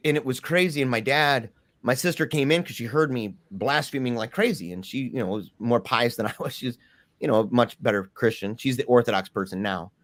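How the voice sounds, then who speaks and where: A man's voice: medium pitch, a little fast, a bit bright, dry recording. A man speaking as an interview guest, telling a personal story in a casual, slangy, emphatic way. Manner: informal, slangy, says "bro" and "man"; earnest, emphatic retelling of a personal ordeal.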